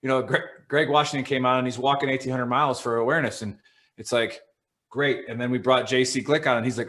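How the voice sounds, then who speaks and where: A man co-hosting a casual podcast, telling stories bluntly and with plenty of swearing. His voice sits at an ordinary middle pitch, and he keeps the talk loose and conversational. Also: fairly even intonation, quick pace, fairly bright tone. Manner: profane, blunt storytelling. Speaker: podcast co-host.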